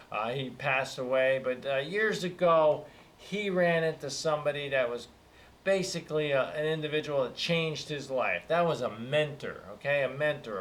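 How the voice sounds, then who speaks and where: A man's voice: a little high, a bit bright. A middle-aged man giving a casual motivational talk, telling stories with lots of fillers. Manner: conversational, storytelling, many fillers. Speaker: motivational speaker.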